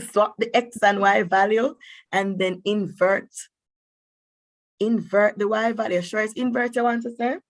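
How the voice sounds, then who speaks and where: A woman teacher leads an online maths class in an encouraging way, pausing to think aloud with long hmms. She speaks at a middle pitch, and the sound is close and dry with no room echo. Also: steady tone. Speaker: mathematics teacher.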